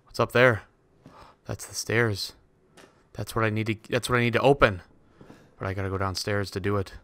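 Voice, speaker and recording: A man's voice: fairly low pitch, fairly even intonation, moderate pace, fairly bright tone. Jittery swearing man playing a horror game. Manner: jittery, swearing, talks to himself while playing. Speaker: let's play gamer.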